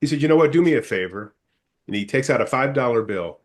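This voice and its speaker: A man tells a joke briskly, his pitch swinging widely as he acts out each voice in the story. The delivery is casual and conversational. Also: animated. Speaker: panelist. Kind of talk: casual joke-telling on a talk show.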